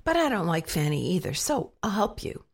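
Bossy female parrot, crisp and impatient, slightly husky, woman doing the voice. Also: lowish voice, sing-song, full character voice. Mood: scolding. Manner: brisk and scolding.

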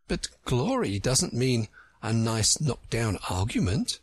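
A man reading a storybook aloud, voicing a polite, curious young girl with a raised, girlish pitch. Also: big pitch swings, slow pace, breathy edge, dry recording, clean studio sound, full character voice.

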